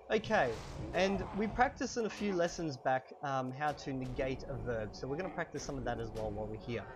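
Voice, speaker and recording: A man teaching vocabulary in a casual, chatty way while playing a game at home, repeating each word slowly for learners, a little hoarse from a cold. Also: mid-range voice. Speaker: language teacher. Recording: steady background noise.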